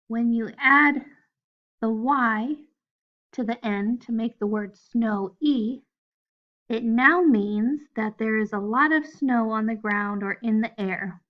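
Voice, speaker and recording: Slow, patient woman teaching first graders. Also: fairly high pitch, muffled recording. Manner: slow, patient, spells out letters one by one. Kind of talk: recorded phonics lesson for children.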